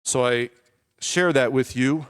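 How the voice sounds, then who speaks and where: A man's voice: mid-range voice, slow pace, smooth, dry recording. Candid male preacher in a dry church recording. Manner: conversational, candid storytelling with asides. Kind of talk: personal testimony sermon.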